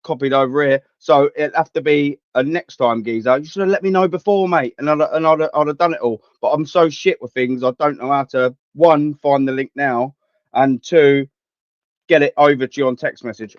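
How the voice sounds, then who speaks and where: Young bloke, stream host, fed-up sweary rants, bit high-pitched, dead-dry muffled sound. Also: male voice, no room sound. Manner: blunt, sweary, ranting. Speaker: fan channel host. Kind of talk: live stream chat reading.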